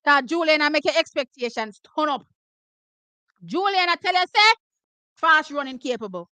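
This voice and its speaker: A high, bright Jamaican woman reacts to the races at full volume, hoarse and nearly out of voice. She jumps between patois and English as she cheers and breaks things down. The sound is close and dry, with no room around it. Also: moderate pace, no echo, low-quality recording. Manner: excitable, loud exclamations, switching between patois and English. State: hoarse, losing her voice. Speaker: track and field watch-party host. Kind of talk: live race reaction commentary.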